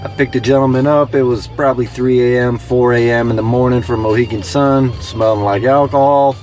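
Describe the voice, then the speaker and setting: Mann erzählt locker Fahrgeschichten, leise Musik. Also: male voice, medium pitch, steady tone, fairly quick, a little mellow, soft background music. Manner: conversational, many fillers, mimics passengers in quoted lines. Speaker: ride share driver. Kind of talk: casual storytelling. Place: in a car.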